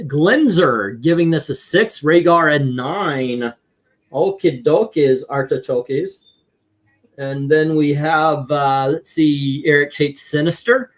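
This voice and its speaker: A man hosting a casual livestream panel, upbeat and tallying votes aloud. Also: on the high side. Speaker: host.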